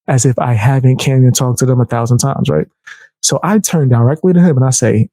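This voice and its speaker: A young man telling a heated personal story in casual, animated speech, raising his voice to act out the people he quotes. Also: mid-range voice, fairly quick, no room sound. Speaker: storyteller vlogger.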